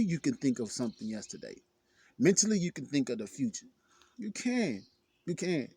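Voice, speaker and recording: A man's voice: medium pitch, warm tone, slightly rough, dry recording. A man giving an earnest, emphatic self-help talk, repeating phrases for emphasis. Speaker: motivational speaker. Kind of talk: self-help video monologue.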